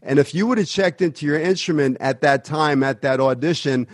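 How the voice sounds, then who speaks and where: A slightly higher male voice recorded close and dry. He hosts the conversation as an acting coach, gushing about his guest's work and then spelling out his method. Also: fairly quick, dry recording. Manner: enthusiastic, coaching tone. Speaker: podcast host and acting coach. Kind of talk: interview conversation.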